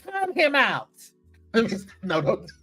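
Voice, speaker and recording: Hosting a live morning talk show, a man reads viewer comments and dishes gossip in a casual, teasing way, animated, playful and chatty with frequent laughs. His voice is extremely high-pitched and slow, with faint music in the background.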